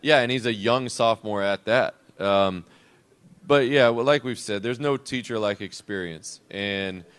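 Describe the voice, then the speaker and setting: Man, low voice, smooth resonant tone, basketball coach, reflective unscripted talk. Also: unhurried, fairly bright tone. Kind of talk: conversational coach's show interview.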